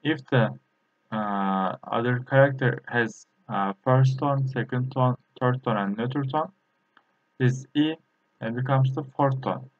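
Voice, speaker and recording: A man with a Turkish accent, a native Turkish speaker, teaching a lesson in a halting way, pausing often and repeating practice syllables. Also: medium pitch. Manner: halting, with frequent filler pauses and repeated drill syllables. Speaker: language teacher. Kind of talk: explaining a lesson. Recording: tinny, phone-like lo-fi sound.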